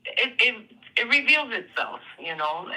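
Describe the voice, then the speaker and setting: A speaker on a live call-in stream, chatting casually in a hesitant, measured way with many fillers. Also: medium pitch, very animated, pushed and bright, low-quality recording. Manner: hesitant, measured, full of "you know" and "um". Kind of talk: casual chat.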